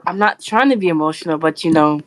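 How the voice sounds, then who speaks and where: A woman's voice: sits low, lively intonation, quick pace, dry recording. A young woman co-hosting a casual podcast, talking in a rambling, chatty way with lots of "like" and "you know". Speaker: podcast co-host. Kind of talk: casual chat.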